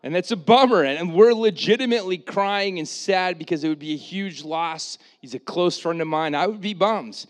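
A man with a slightly higher voice preaches to his congregation in an easygoing, conversational way. He acts out the people in the story with lively quoted asides, then turns quiet and earnest when he makes his main points. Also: normal speed, hardly any pauses. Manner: casual and animated, with dramatic quoted asides. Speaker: pastor. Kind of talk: sermon.

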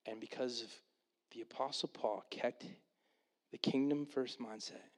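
Animated male pastor preaching. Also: mid-range voice, a little slow. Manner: animated, acts out the Bible characters in voices. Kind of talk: sermon.

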